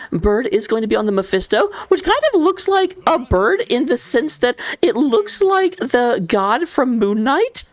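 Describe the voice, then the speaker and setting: A fairly high-voiced woman commentating a live video game match into a close mic. She jokes around between plays and her voice leaps upward whenever something exciting happens. The sound is dry and close, with no room around it. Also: fairly quick, dry recording. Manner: playful, jokey, with sudden excited jumps in pitch. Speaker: esports caster.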